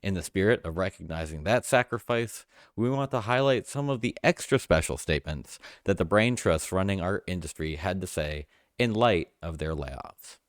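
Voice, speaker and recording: This man has a very low voice. He presents mock awards on a live stream in a halting, emotional way, full of fillers and restarts. The sound is dry and close to the mic. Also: animated, dry recording. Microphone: close mic, voice-over without camera.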